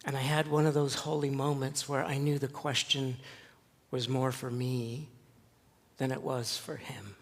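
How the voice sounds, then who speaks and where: A male pastor preaching a sermon, telling a story slowly and earnestly with dramatic pauses. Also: medium pitch, creaky, breathy edge. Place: church sanctuary. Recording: long church reverb.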